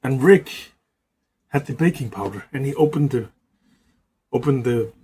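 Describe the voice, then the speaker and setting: A man's voice: mid-range voice, expressive, measured pace, dark tone, slight background noise. A man improvising a rambling, profanity-laced story in a casual way, often restarting words.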